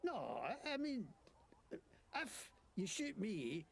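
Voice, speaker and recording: A gravelly cursing thug with a fake Scottish accent. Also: male voice, sits high, wildly swooping pitch, slight background noise, full character voice. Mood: whining. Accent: put-on Scottish. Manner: whiny, self-pitying, quick to bluster. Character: crude bitter male thug faking a Scottish accent.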